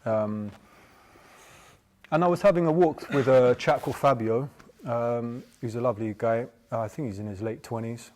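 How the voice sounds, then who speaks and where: A man in a middle pitch gives a relaxed Buddhist teaching. He talks in a loose, rambling way, restarts often, and keeps checking in with the listeners. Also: moderate pace. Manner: chatty, tags points with "yeah?". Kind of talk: informal dharma talk.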